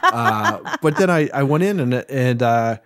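A man on a podcast panel, telling a long anecdote in a relaxed, rambling way. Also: medium pitch, unhurried. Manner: laid-back rambling storyteller. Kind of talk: casual storytelling chat.

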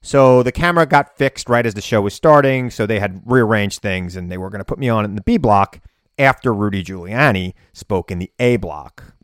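A man talks through a casual solo podcast episode, animated and sometimes raising his voice to act out the story. His voice sits low, and the sound is dry and close with no room echo. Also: moderate pace. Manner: animated storytelling, bursts of yelling when reenacting. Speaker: podcast host and political commentator. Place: home basement studio.

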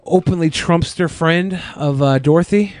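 A man's voice: fairly high pitch, moderate pace, darkish tone, dry recording. A man co-hosting a podcast in casual chat, opinionated and full of "like" fillers. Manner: opinionated, filler-heavy, lots of "like". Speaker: podcast co-host.

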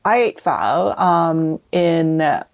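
A woman from Vietnam, a cookbook author guest in a casual interview, explaining things in a relaxed way and laughing often. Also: low-pitched, takes it slowly, creaky, dry recording.

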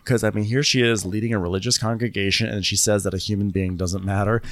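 A man co-hosting a casual comedic recap podcast, animated and sarcastic, often laughing. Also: fairly low pitch, quick pace, no echo. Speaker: podcast co-host recapping a reality show.

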